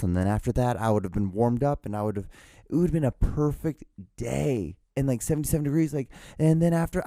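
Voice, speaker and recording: A man's voice: medium pitch, dark tone, no echo, studio quality. A young man hosting a solo podcast, rambling casually with lots of swearing, restarts and self-mocking asides. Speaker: podcast host.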